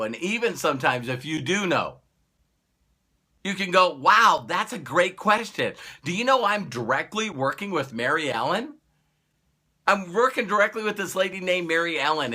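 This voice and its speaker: A man's voice: fairly high pitch, pushed and bright. A man giving a motivational talk who acts out little dialogues and laughs at his own jokes. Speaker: motivational speaker.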